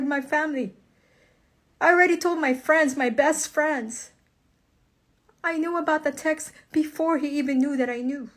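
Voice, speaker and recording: A tearful woman in an emotional monologue, swearing angrily as she recounts her marriage falling apart. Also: high-pitched. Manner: angry, profane, tearful outbursts. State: crying. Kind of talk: emotional direct-to-camera monologue.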